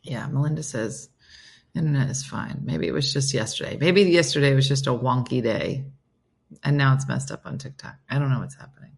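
A woman's voice: rumbling low, animated, brisk, gravelly, slightly rough. A woman hosting a casual morning livestream, chatting playfully with viewers and her dog. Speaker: livestream host. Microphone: phone.

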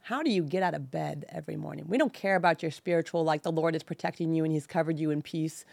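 A woman in her thirties from the San Francisco Bay Area, a podcast guest frankly and emotionally telling her personal story, slowing on painful details. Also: sits low, gravelly, a little mellow, dry recording.

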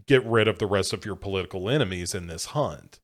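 A man's voice: deep voice, fast talker. A man summarizing a film plot in casual talk, with many fillers.

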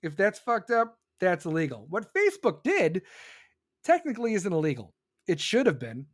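A man's voice: high voice, wildly swooping pitch, normal speed. A man doing a heated, sarcastic and profane political rant, reading viewer comments and mocking others.

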